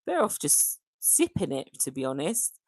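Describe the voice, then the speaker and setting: British woman livestream host, low-pitched, dry close recording. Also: normal speed, breathy edge, no echo. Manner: chatty, warm to viewers, animated laughs and pitch jumps. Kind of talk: casual livestream chat reading comments.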